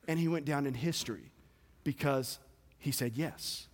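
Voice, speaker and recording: A man preaching a sermon as pastor, with passionate delivery that swings between loud emphasis and quiet, hushed moments. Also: medium pitch, a little slow. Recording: long hall reverb.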